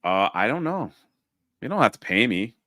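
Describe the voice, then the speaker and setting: Animated, bright-voiced male co-host. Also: lowish voice, normal speed, no echo, studio quality. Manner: animated, laughing storyteller. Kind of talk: casual podcast chat.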